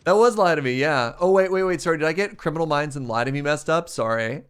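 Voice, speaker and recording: A man's voice: fairly high pitch, fast talker, clean tone. A man streamer chatting casually with his chat while playing a game, laughing often.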